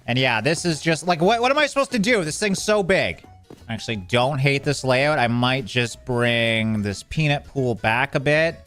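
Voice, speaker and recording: A man's voice: medium pitch, lively intonation, normal speed, a bit bright, soft background music. A man giving casual, joking commentary while playing a game, often exasperated and talking to the game's characters. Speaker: gaming video creator.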